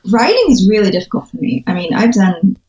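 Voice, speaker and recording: A woman in her thirties tells stories with animated energy and leaps into high voices when she quotes people. The sound is roomy and a little dull, like a lo-fi remote recording in a reverberant room. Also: quick pace. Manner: animated storytelling, acts out quotes with big pitch jumps and laughter. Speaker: guest, children's book illustrator. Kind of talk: casual interview chat.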